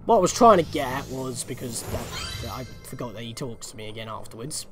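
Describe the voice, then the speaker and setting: A man's voice: mid-range voice, animated, a little fast. Chatty young man narrating gameplay. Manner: rambling, chatty, self-correcting. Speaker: video game walkthrough host. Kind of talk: casual gameplay commentary. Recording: game music faintly behind.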